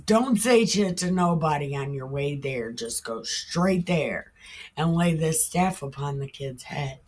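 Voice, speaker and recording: A woman's voice: sits low, lively intonation, a little slow, a little mellow, breathy edge, full character voice. A woman voicing a laid-back male prophet who talks in casual slang.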